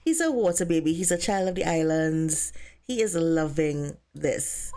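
A woman giving casual, excitable commentary on a life-simulation game she is playing, often speaking the characters' thoughts aloud. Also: low-pitched, unhurried, slight background noise. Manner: excitable, gasping and squealing, voicing the characters' thoughts. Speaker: let's play host.

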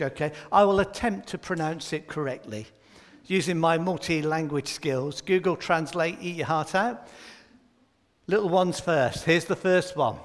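A man's voice: a little high, in a large hall. A man giving a playful children's talk in a church service, quizzing the children by name and joking as he goes.

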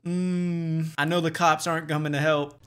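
A man hosting a meme reaction video in casual, excitable commentary, swearing and bursting into shouts. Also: fairly high pitch, moderate pace, clean tone. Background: loud music from the clips.

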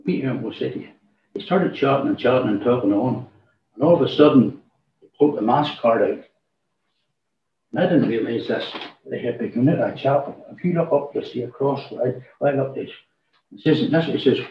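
In a church hall, a man gives an informal testimony to the congregation, rambling through his story and acting out quoted dialogue. His voice is mid-range at a normal speed, picked up by a distant mic in a roomy, echoey, dull recording with slight background noise.

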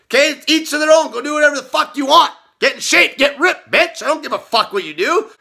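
Male fitness vlogger, very high voice, tense and sharp tone, profane shouting rants. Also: lively intonation, a little fast, vocal fry. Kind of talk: ranting vlog monologue.

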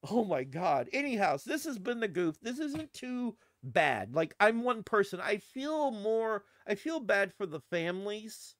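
A man in his forties holds forth in an exasperated, profane rant, his voice sitting high and swinging widely in pitch. There is a gravelly edge to it, and the sound is dry and close. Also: very animated, unhurried, few pauses, no room sound. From Texas. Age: 40s. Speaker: vlogger. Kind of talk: casual ranting vlog.

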